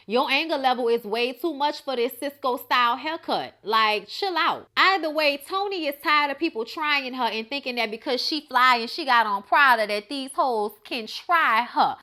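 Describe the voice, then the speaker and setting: Sassy young woman with a bright voice. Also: fairly high pitch. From Los Angeles, USA. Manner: sassy, animated, acts out quotes. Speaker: TV show reviewer. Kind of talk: casual recap chat.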